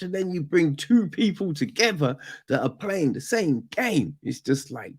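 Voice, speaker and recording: Male podcast reviewer, unhurried and expressive, rambling rants full of profanity. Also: on the high side, breathy edge. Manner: animated, profane, rambling, with sudden loud outbursts. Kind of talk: casual film review monologue.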